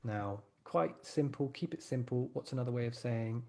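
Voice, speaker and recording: A man's voice: medium pitch, moderate pace, vocal fry, a little mellow. A man teaching a live writing class, encouraging his students and thinking aloud as he types.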